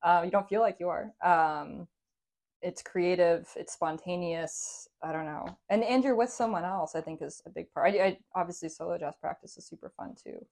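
Female podcast guest, slightly low voice, loose rambling chat full of laughs. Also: moderate pace, gravelly, a little mellow. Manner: rambling, self-correcting, laughs often. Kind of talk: casual chat.

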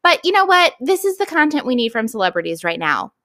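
Bright, chatty female co-host. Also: high-pitched, very animated, fast talker. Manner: chatty, upbeat reactions. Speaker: podcast co-host. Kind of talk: casual chat.

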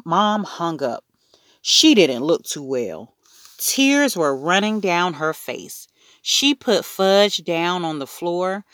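A woman reading a children's story aloud in an expressive, unhurried narrating voice. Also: fairly low pitch, no room sound, studio quality. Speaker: audiobook reader.

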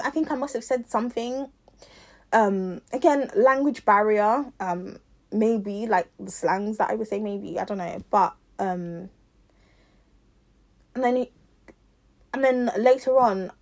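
Young South London woman, casual vlog storyteller, animated and chatty, mid-pitched voice. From South London, England. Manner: chatty, animated, frequent laughter and fillers. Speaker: vlogger.

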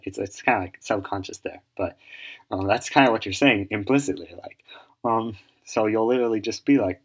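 A man's voice: fairly low pitch, a little fast, husky. A man explaining an idea in casual, rambling talk, full of fillers and restarts as he thinks aloud. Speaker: solo speaker giving advice.

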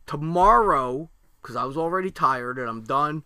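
A man's voice: mid-range voice, expressive, brisk, pushed and bright, clean tone, no echo. A middle-aged man telling a family story in casual chat, rambling with lots of fillers and restarts, and swearing freely.

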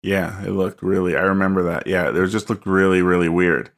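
A man's voice: sits low, fairly even intonation, fairly quick. A man co-hosting a casual chat about a film, thoughtful and hesitant with many fillers. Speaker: film podcast co-host.

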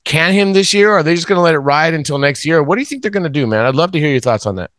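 A man's voice: on the high side, expressive, rapid-fire, a bit bright, dry recording, clean studio sound. A man hosting a casual sports podcast, talking frankly and emphatically with a rambling flow. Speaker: podcast host.

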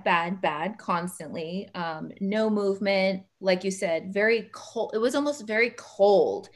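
Emotional woman host on a video call. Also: medium pitch. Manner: warm, emotional, laughs often. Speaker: podcast host. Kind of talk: casual video-call interview.

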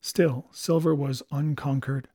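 A man narrates an adventure novel in a steady storytelling manner. His voice sits a bit high for a man. The recording is dry and close. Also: slow pace, no echo. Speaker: audiobook narrator. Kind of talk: scripted narration.

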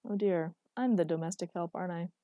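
A woman voicing a dry, patient, exasperated boyfriend with a deadpan delivery. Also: fairly low pitch, a little fast, no room sound, close to an everyday voice.

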